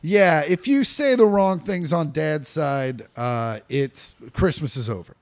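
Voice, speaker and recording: Young man, podcast co-host, casual chat, rambling, fillers and restarts, a bit high-pitched. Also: lively intonation, slow pace. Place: living room.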